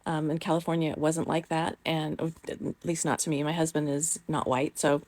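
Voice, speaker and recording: A woman's voice: sits low, level tone, moderate pace, a little mellow, no room sound. A middle-aged woman telling a personal story in a rambling, casual way, with many fillers and the odd swear word.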